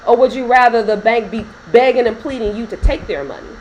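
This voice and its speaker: Chatty, laughing woman with a high voice. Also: animated, brisk, slight background noise, rough recording. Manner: chatty, laughs often, addresses viewers directly. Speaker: business credit coach. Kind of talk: casual direct-to-camera advice talk.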